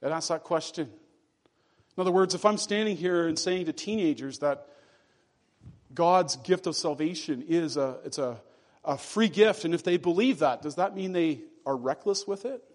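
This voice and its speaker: A man preaching a sermon in a fairly high voice. He is earnest and deliberate, and he slows down and sinks his voice low to press home each key phrase. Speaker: pastor.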